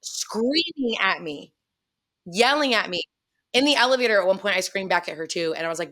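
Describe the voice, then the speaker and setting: Telling a personal story during a casual podcast chat, this co-host speaks briskly in a mid-range voice. She's profane and animated, talks bluntly and laughs frequently.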